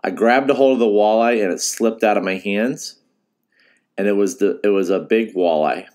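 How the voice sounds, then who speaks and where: Low-voiced man telling a rambling story. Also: moderate pace, darkish tone. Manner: emotional, rambling, with laughs and restarts. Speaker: fishing guide and podcast host. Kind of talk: casual storytelling.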